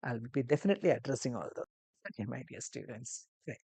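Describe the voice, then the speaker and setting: A woman's voice: rumbling low, animated, fast talker, creaky, warm tone, husky, dry recording. A woman teaching a live online exam-prep lesson, explaining steps in a meandering way with many restarts. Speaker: language teacher.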